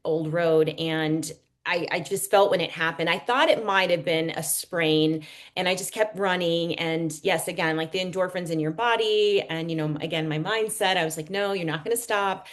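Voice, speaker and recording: Earnest, lower-voiced woman guest. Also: steady tone, moderate pace. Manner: earnest, reflective, frequent ums. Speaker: podcast guest, author and speaker. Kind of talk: casual podcast interview.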